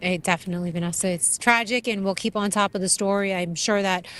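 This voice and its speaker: An earnest young woman co-hosts a news show, speaking at an ordinary middle pitch. She talks loosely and conversationally, pausing on fillers and restarting her phrases as she works through each point. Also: fairly even intonation, fairly bright tone. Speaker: news co-host.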